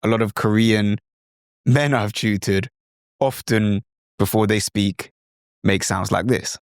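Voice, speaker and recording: A man's voice: lowish voice, steady tone, slow pace, dry recording, clean studio sound. A man from Britain with a British accent, hosting a podcast as a language coach. He explains with enthusiasm and often slips into imitations of other accents. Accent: British English. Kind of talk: instructional talk.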